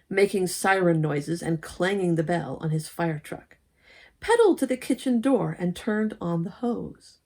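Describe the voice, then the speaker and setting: A woman reading a children's story aloud at a church service, lively and expressive, with asides to the listeners. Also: medium pitch. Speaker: lay speaker at a church service.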